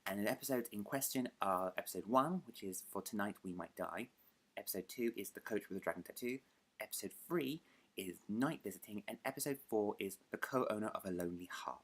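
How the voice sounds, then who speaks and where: A young man with a British accent and a deep, low voice talks casually to his viewers. He rambles from point to point and stops to correct himself. He pokes fun at his own slips. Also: a little fast, fairly bright tone, slightly rough. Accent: British English. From United Kingdom. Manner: chatty, self-deprecating, rambling with restarts. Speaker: book vlogger. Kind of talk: casual chat to camera.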